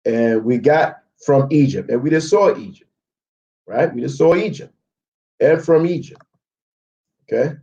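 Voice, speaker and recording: Male Bible teacher with a warm, dark voice, leading a live study and checking in often with listeners. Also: medium pitch, measured pace, long pauses, dull audio. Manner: checks in with frequent "okay?"; walks through maps and word studies on screen. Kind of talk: live Bible history lesson.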